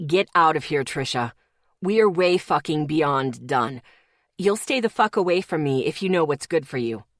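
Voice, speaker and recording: A woman's voice: deep voice, animated, normal speed, no echo, studio quality, voice pushed down. Woman voicing a furious protective young man. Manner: hushed at first, then growling and shaking with anger. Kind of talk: audiobook character reading.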